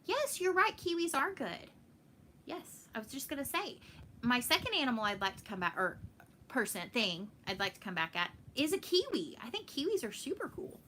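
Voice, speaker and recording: Brisk and very animated, her fairly high voice comes across pushed and bright against slight background noise. The Texan flosstube host chats live from home, laughing and replying to what viewers write.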